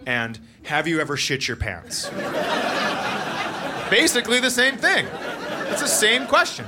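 A man's voice: high-pitched, measured pace, a loud crowd, heavy background noise. A man from Minnesota doing a stand-up comedy routine, joking and acting out voices and sounds. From Minnesota, USA. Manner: animated, jokey, acts out voices and sounds.

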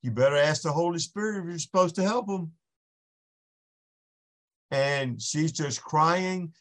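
A man's voice: a little high, unhurried, fairly bright tone. Earnest man telling a faith story. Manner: earnest storytelling with many restarts. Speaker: podcast guest. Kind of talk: impassioned faith testimony.

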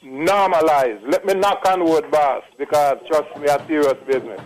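A man in his late sixties speaks with a Jamaican accent, calling in to a radio program and telling his story in emphatic, repetitive patois. His voice sits a little high for a man. The sound comes through as a radio call. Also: moderate pace, low-quality recording. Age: 60s. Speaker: caller. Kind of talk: phone-in testimonial.

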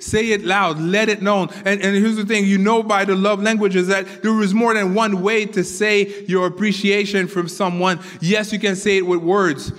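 A man's voice: high-pitched, flat delivery, moderate pace, few pauses, a bit bright. A man preaching a sermon with earnest conviction, repeating his key phrases for emphasis. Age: adult father of four children. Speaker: pastor. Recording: long hall reverb.

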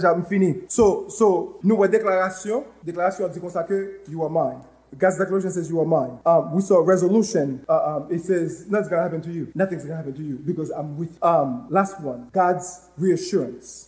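A man with a Haitian accent preaching a fervent sermon as a pastor in a church, breaking into loud outbursts. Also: sits high.

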